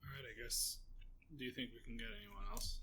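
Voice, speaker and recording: A man's voice: medium pitch, fairly even intonation, a little fast, sharp tone, slight background noise. A man playing in a tabletop role-playing game, giving short offhand replies. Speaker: player. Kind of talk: casual tabletop play.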